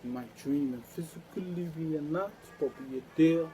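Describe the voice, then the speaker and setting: Man, monologue to camera, rambling free-flowing musing, higher-pitched but dark and mellow. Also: normal speed, slight background noise, poor audio. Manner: rambling, loose stream-of-consciousness musings.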